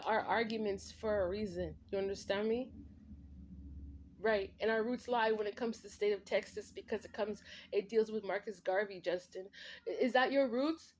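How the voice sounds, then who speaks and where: A woman's voice: high-pitched, darkish tone. Woman ranting in a confrontational monologue. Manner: confrontational, repetitive, talks straight at an absent man. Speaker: vlogger.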